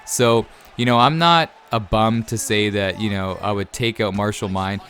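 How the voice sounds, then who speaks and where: Chatty low-voiced male gaming YouTuber. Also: fairly even intonation, normal speed, fairly bright tone. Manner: chatty, enthusiastic, keeps adding "man". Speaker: YouTube gaming channel host. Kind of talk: casual Q&A chat to viewers.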